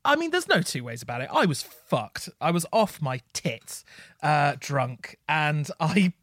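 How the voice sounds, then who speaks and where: A man's voice: a little high, big pitch swings, measured pace, fairly bright tone, no echo, clean studio sound. A man hosting a podcast, telling stories about himself casually and apologising with a self-mocking edge. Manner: self-deprecating, apologetic storyteller. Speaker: podcast host. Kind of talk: casual chat.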